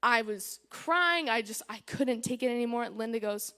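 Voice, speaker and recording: A woman's voice: fairly high pitch, expressive, normal speed, a bit bright, a little hiss or hum. Candid woman giving a church testimony. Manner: candid and emotional, retelling with lots of "I was like"; chatty, with frequent fillers and nervous laughs. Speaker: testimony speaker.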